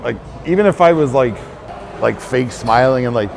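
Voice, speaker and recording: Gravelly-voiced man telling a rambling story. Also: mid-range voice, lively intonation, normal speed, slight background noise. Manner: rambling, profane, heavy on filler words. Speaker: fitness trainer and channel host. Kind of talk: casual storytelling to camera.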